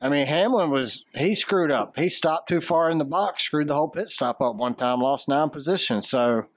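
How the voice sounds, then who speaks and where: A man's voice: on the high side, moderate pace, no room sound. Southern man chatting, dry close sound. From American South. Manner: chatty, opinionated, joking. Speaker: podcast co-host. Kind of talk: casual chat.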